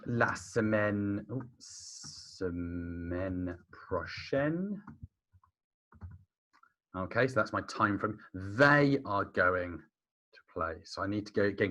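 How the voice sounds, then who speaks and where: A male teacher giving a recorded lesson over slides, thinking aloud as he writes and drawing out key phrases slowly. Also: lowish voice, sharp tone.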